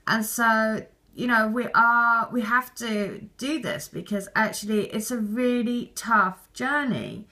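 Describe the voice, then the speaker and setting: A woman's voice: a little high, expressive, slow pace, pushed and bright. A woman hosting a spiritual channel, chatting loosely and emphatically as she reads out viewers' messages. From Britain. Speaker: spiritual reader and channel host. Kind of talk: casual chat reading out viewer messages.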